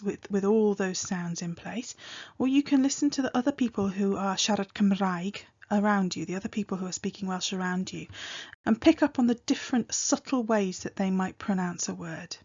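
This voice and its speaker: A woman teaching a language lesson, patiently explaining and modeling phrases slowly and clearly. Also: medium pitch, a little mellow, muffled recording. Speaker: Welsh teacher.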